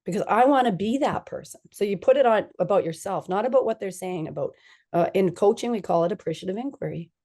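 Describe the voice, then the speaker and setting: A woman's voice: mid-range voice, expressive, fast talker, mellow. A woman physician talking as a podcast guest, animatedly acting out the dialogue she quotes. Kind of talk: conversational podcast interview.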